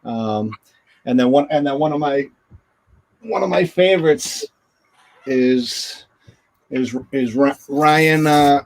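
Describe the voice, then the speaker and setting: Animated man telling stories. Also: medium pitch, takes it slowly, long pauses. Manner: animated, acts out quotes in raised voice. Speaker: former hockey goalie, guest. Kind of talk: storytelling in an interview. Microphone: video call.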